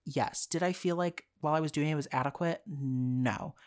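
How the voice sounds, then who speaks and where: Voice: medium pitch, normal speed, a little mellow. Young adult, podcast host, casual rant, profane, frank, exasperated, laughing asides. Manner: laughs between phrases.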